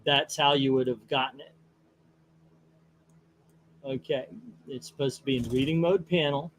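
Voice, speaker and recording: A man's voice: mid-range voice, steady tone, measured pace, a bit bright, slight background noise. A man hosting a comic book channel who chats casually in a rambling, folksy way and grumbles at his screen between readings.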